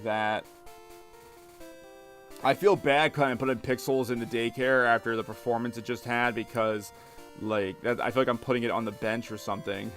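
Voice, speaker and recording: A man's voice: medium pitch, fairly even intonation, normal speed, a bit bright, soft background music. A man giving casual commentary over a video game, hesitant and stammering, often repeating words. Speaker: gaming video host.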